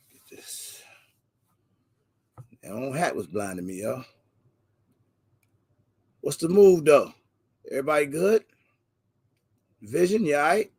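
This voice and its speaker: A man hosting a casual livestream, giving energetic slangy shout-outs to viewers by name. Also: medium pitch, slightly rough. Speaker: livestream host.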